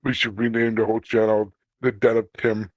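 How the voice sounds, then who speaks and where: A man co-hosting a casual podcast, cutting in with quick joking remarks. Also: on the low side, level tone, dry recording, muffled recording. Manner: quick interjecting banter. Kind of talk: casual live podcast chat.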